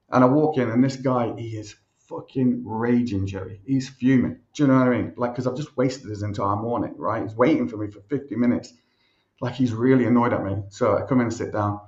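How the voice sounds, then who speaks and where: An Irish man, a podcast guest, telling a story in a chatty, animated way and swearing casually. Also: mid-range voice. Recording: roomy, dull recording.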